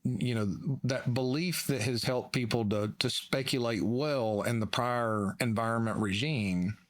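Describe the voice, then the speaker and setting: A man's voice: mid-range voice, measured pace. A man with a Southern US accent, a market analyst guest in a conversational market discussion who talks in a thoughtful, folksy way and likes to quote old sayings.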